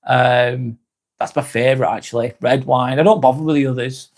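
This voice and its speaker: A man's voice: mid-range voice, fairly even intonation, normal speed. A man hosting a casual livestream chat, reading out viewer comments, swearing casually and laughing often. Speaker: livestream host.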